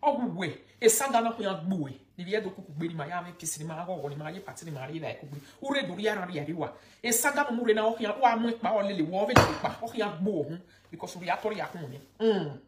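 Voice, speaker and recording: A woman's voice: on the low side, lively intonation, fast, echoey room, crowd noise. A Nigerian woman giving gossipy, scolding commentary that mocks and lectures the viewer.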